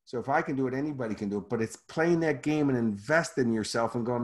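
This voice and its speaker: Male guest, punchy motivational storyteller, mid-pitched voice. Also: fast, hardly any pauses. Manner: emphatic and motivational. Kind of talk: conversational storytelling.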